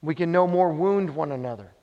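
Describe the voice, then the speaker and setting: A male pastor preaching to his congregation, with a somewhat high voice, telling stories and hammering home short repeated refrains. His voice rings with a long hall reverb, and the recording sounds a little dull. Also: brisk. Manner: storytelling, repeating refrains for emphasis. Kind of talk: sermon.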